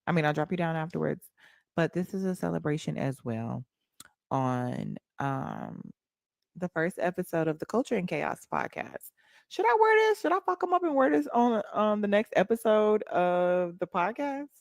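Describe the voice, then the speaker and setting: A woman's voice: fairly low pitch, huge pitch swings, normal speed, creaky, darkish tone, no echo, studio quality. A young woman with an African American Vernacular English accent, hosting a casual livestream and talking back to her chat in a sassy way. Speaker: livestream host.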